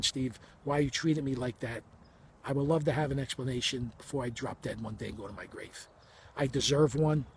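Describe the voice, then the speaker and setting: A man's voice: fairly high pitch, slight background noise. A man in his fifties telling a personal story in a heated, blunt and profane way, acting out the dialogue as he goes. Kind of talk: emotional first-person storytelling.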